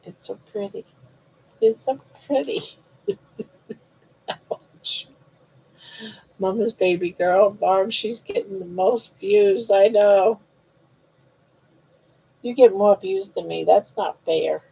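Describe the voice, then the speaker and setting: A woman's voice: mid-range voice, slow, creaky, pauses often, husky. An older woman hosting a live crochet stream, chatting casually and cooing sing-song baby talk to her dog. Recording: dull lo-fi stream audio.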